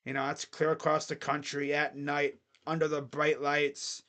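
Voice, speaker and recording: Excitable man rambling over football picks. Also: fairly high pitch, moderate pace. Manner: rambling, excitable, thinks aloud. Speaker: sports picks channel host. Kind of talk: casual football picks talk.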